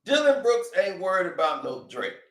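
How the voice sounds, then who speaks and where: Animated, laughing male commentator. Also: high-pitched, moderate pace. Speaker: commentary host. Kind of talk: comedic gossip commentary. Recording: echoey room.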